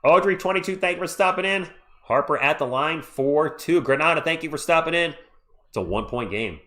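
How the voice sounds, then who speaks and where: A man hosting a live play-by-play stream, calling the action and chatting with viewers in an excitable, jokey way. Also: on the high side, a little fast. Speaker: livestream play-by-play host. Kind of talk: live play-by-play with chat reactions.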